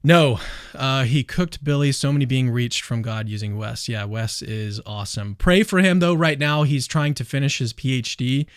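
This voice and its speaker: A man's voice: medium pitch, smooth, no room sound. Chatty man hosting a dry-sounding livestream. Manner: quick, chatty, hedging with fillers. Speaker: livestream host. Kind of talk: casual livestream discussion.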